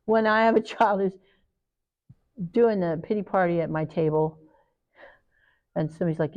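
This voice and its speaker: A middle-aged woman giving a live training talk, lively and acting out the people she quotes. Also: mid-range voice, normal speed, long pauses. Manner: animated, acts out parents and children in quoted voices.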